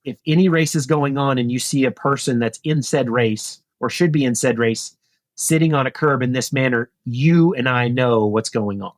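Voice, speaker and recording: In a clean, dry studio recording, a man in his forties, a former professional cyclist appearing as a podcast guest, shares a relaxed story at a moderate pace. His voice is mid-range, and he gets lively when voicing the dialogue, lifting his pitch.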